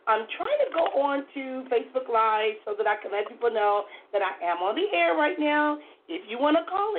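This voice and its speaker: A hoarse woman hosting a call-in radio show, speaking slowly and deliberately with emphatic swings in pitch. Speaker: talk radio host. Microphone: phone. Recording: tinny phone line with faint noise.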